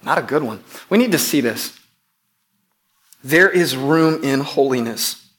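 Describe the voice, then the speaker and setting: A man's voice: mid-range voice, lively intonation, a little slow, fairly bright tone. A pastor preaching to his church in an emphatic way, repeating key phrases and putting questions to the congregation. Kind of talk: sermon.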